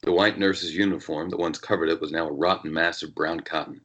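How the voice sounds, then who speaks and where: A man's voice: low voice, steady tone, fairly bright tone, husky. A man doing a jaded American noir detective. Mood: brooding. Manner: measured, brooding narration. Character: jaded hard-drinking male noir detective. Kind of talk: first-person noir reading.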